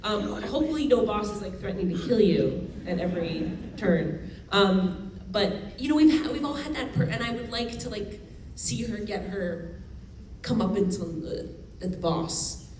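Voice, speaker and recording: A woman in her thirties talks freely and laughs as she answers fan questions on stage. Her voice sits at a middle pitch. It is picked up from across a roomy hall with a faint murmur of ambience. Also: animated, normal speed, a little mellow, recorded from a distance, a little hiss or hum. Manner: chatty, laughing, lots of fillers and restarts. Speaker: actor answering fan questions at a convention panel. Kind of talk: casual panel Q&A. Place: convention hall.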